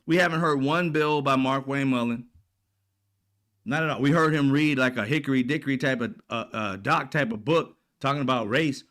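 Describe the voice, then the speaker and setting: A man's voice: medium pitch, normal speed, a bit bright. A man hosting political commentary, ranting in a blunt, profane, exasperated way.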